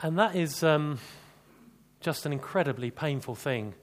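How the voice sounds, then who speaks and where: A man's voice: fairly high pitch, lively intonation, measured pace. A man preaching an expository sermon, chatty, with rhetorical questions and dry humor.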